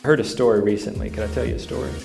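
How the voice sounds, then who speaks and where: Gravelly-voiced male interviewer. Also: lowish voice, very fast, over music. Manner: folksy joke-telling, animated. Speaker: interviewer and podcast host. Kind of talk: live interview with storytelling. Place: studio stage before live audience.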